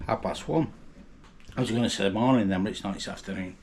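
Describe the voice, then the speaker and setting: A man's voice: on the low side, fast talker, a little mellow, a little hiss or hum. A man vlogging in a chatty, joking, self-mocking way, recorded on his phone. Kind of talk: casual vlog chat.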